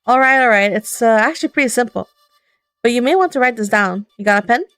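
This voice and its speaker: A woman's voice: on the high side, animated, a bit bright, clean tone, dry recording, faint music behind. A woman voicing a young student hero in a visual novel, worried and sarcastic, close to her own voice. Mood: evasive. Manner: sarcastic, quick-thinking, worried. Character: young time-looping student hero, anxious but defiant.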